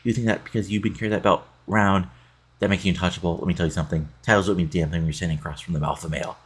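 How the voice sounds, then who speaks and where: A man's voice: sits low, fairly even intonation, racing, breathy edge. A man reading out the lines of a boastful male wrestler who taunts the champion. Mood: taunting. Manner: trash-talking, read aloud plainly.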